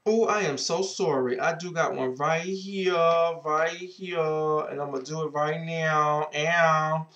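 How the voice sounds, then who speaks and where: A man's voice: fairly high pitch, fairly even intonation, fairly bright tone, muffled recording. A man giving dating advice in a casual vlog. He is sassy and outspoken, swears freely, and keeps drawing out a greeting catchphrase. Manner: repeats a drawn-out greeting catchphrase. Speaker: advice vlogger.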